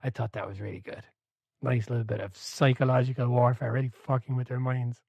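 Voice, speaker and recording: A man co-hosts a relaxed podcast chat about a football biography, with a voice in the usual middle range for a man. He tells stories with energy, laughing as he goes and swearing now and then. The sound is dry and close, with no room to it. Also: medium pitch, fairly quick, creaky, slightly rough, dry recording, highs cut off. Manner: animated storyteller, swears, laughs mid-sentence. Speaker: podcast co-host.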